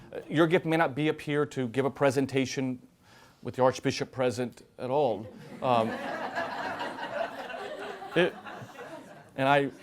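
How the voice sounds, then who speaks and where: A man, a priest, giving a sermon to a live audience, telling stories with acted quotes and moving between loud emphasis and hushed, quiet lines. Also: medium pitch, a little hiss or hum.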